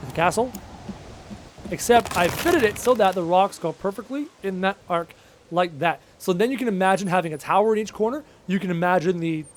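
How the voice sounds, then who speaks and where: A man's voice: high-pitched, a little hiss or hum. A man from Canada chatting casually on a live game stream, answering chat and repeating himself with emphasis. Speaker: gaming streamer.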